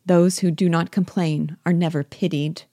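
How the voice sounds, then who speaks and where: A fretful, self-pitying middle-aged mother who complains at length, drawn-out and whining, as a woman reads her. Her tone is low and mellow, recorded close and dry. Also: steady tone, dry recording, natural voice. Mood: scolding. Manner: whining, drawn-out melancholy delivery.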